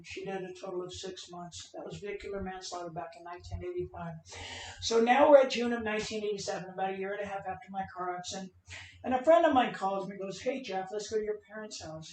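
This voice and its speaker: A woman's voice: medium pitch, a little mellow. A middle-aged woman giving a personal storytelling talk as an advocate speaker, earnest and emphatic, acting out the dialogue she quotes. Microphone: video call. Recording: roomy, distant video-call audio.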